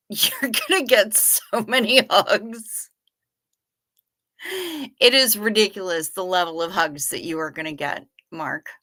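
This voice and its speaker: A woman's voice: fairly low pitch, fairly even intonation, takes it slowly, long pauses, pushed and bright. A woman hosting a casual livestream, greeting viewers by name and chatting in a profane, effusive way. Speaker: livestream host. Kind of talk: casual livestream chat reading viewer comments.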